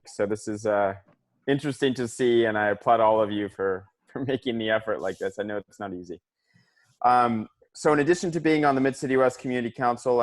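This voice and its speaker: A man's voice: medium pitch, no room sound. A man presenting as a council member at an online meeting, easygoing and obliging. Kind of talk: casual meeting talk. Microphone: video call.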